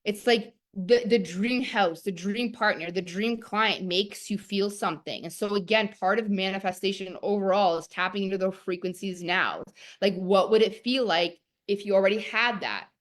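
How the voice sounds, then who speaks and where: A woman's voice: mid-range voice, moderate pace. A young woman teaching a live-streamed masterclass, talking in a chatty, enthusiastic way full of "like". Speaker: online course teacher.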